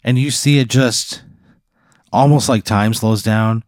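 A man hosting and casually narrating an improvised scenario step by step, in a deadpan way. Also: mid-range voice, measured pace, no room sound, clean studio sound. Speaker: host running an improvised scenario.

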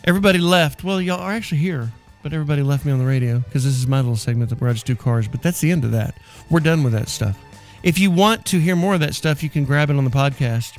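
A man's voice: fairly high pitch, brisk, faint music behind. A man hosting a radio talk show, joking and teasing in casual banter.

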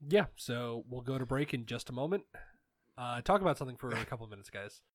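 A man's voice: mid-range voice, animated, fast, dry recording. A man hosting a casual sports podcast, talking in an easygoing way with plenty of ums and uhs. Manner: laid-back, many ums and uhs. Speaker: podcast host.

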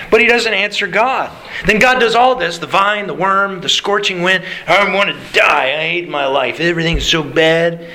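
A man preaching a sermon, animated and conversational, acting out quotes as he goes. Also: fairly high pitch, poor audio. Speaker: pastor.

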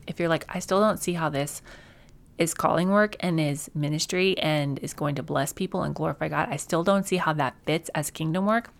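A woman's voice: low-pitched, moderate pace, creaky. A woman hosting a faith podcast, talking in a chatty, encouraging way with many fillers and restarts. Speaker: podcast host. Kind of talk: faith-based podcast talk.

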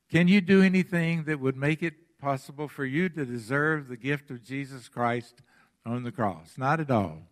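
A pastor preaching a sermon, emphatic and deliberate, repeating his phrases for weight. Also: mid-range voice.

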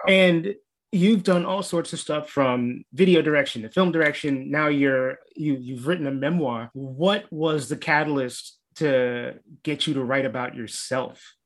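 A man's voice: on the high side, unhurried. A man hosting an interview, asking questions and giving short affirmations.

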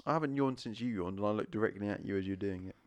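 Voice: low-pitched, very fast, dry recording. Easygoing co-host, dry and close. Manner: easygoing, chatty, joking. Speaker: podcast co-host. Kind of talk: casual chat. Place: home living room.

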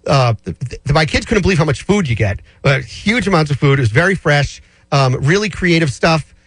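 A man's voice: on the high side, expressive, brisk, a bit bright, husky, dry recording. A man hosting a casual radio talk show, chatty and rambling. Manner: chatty, rambling, with many fillers and restarts. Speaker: radio show host answering listener finance questions.

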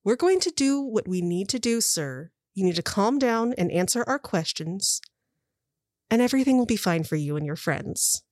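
A woman's voice: medium pitch, animated, moderate pace, a little mellow, no room sound, studio quality, close to an everyday voice. A woman voicing a short-tempered female interrogator in a tabletop game, snapping and losing patience. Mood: stern.

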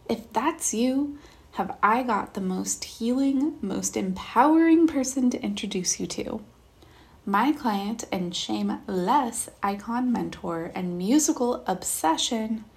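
A woman hosting a podcast, talking in an upbeat, hyped, casual way. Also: mid-range voice. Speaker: podcast host.

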